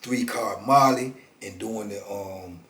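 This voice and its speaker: A slick card hustler with a New Orleans accent, sweet-talking and wheedling, as a man puts him on while telling a story. He speaks softly and a touch lower than the teller. The room around him has an echo. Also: takes it slowly, recorded from a distance. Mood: boastful mumble. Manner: coaxing, calls you baby.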